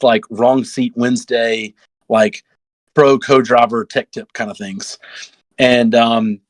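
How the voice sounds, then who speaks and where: A man's voice: mid-range voice, no room sound, rough recording. Rambling young man telling a racing story. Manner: rambling, heavy fillers, acts out others' lines. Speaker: podcast guest, off-road racer. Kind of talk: casual storytelling chat.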